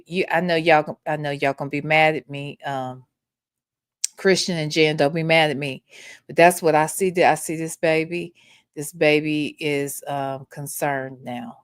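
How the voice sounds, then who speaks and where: Her voice sits low and smooth as she hosts a casual commentary livestream, reading comments from chat. She's emphatic and repetitive, swears a lot, and keeps adding "okay?". The recording is dry with clean studio sound.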